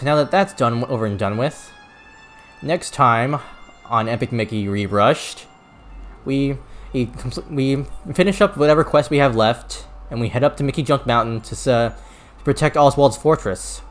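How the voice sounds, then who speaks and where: Guy streaming a game and chatting, keeps restarting sentences, mid-pitched, faint game music behind. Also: fairly bright tone. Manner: rambling, with many restarts and stumbles. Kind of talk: casual gameplay commentary.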